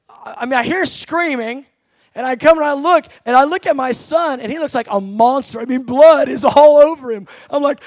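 A man in his thirties preaching a sermon, telling a family story with animated, acted-out quotes and laughs. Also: very high-pitched, no room sound. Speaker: pastor.

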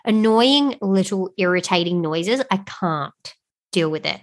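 A woman co-hosting a casual podcast chat, animated, swearing freely and acting out what people said to her. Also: medium pitch, unhurried. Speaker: podcast co-host.

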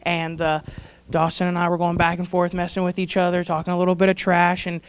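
Smooth-voiced young woman, choked-up and rambling. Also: fairly low pitch, completely flat delivery, fairly quick. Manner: rambling, affectionate, laughing, fighting back tears. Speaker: church staff speaker honoring graduates. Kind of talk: heartfelt tribute speech. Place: church service.

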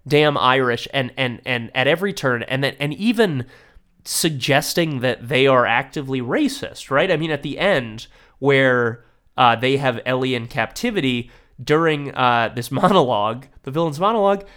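Male podcast host, animated and jokey, quick restarts. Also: medium pitch, clean tone. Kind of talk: casual podcast discussion.

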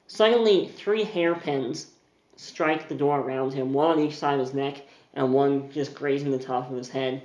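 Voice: medium pitch, moderate pace, a little mellow, roomy sound, lo-fi sound. A game master narrating a tabletop game scene in a loose, descriptive way. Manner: descriptive, uses filler words.

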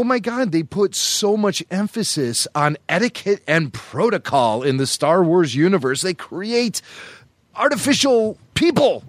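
Animated man chatting on a podcast. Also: a little high, dry recording. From Chicago area, US. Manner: jokey, animated storyteller. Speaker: podcast co-host. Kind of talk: casual chat.

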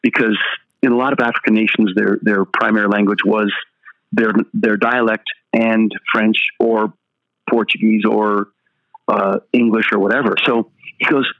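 Animated older pastor telling a story. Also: male voice, lowish voice, moderate pace, narrow, tinny audio. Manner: animated storyteller acting out dialogue. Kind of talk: storytelling interview guest.

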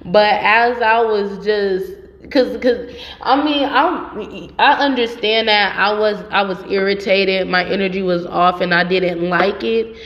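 A young woman hosts a podcast in a loose, profane, emphatic monologue that keeps circling back on itself. Her voice sits at a medium pitch. The recording sounds muffled and carries a long reverberant tail. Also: measured pace, a bit bright. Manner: profane, rambling, emphatic storytelling. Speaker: podcast host. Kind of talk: casual monologue.

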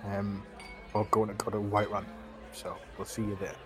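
A man voicing a big, soft-hearted young male fighter who stammers with emotion. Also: on the low side, completely flat delivery, normal speed, music in the background, natural voice. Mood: tearful thanks.

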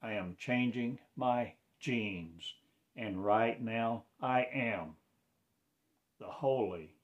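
Man, slow, rambling religious monologue, mid-pitched voice, drops quiet then rises loud, drawn-out words. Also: expressive. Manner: swings between quiet low mutters and loud raised declarations.

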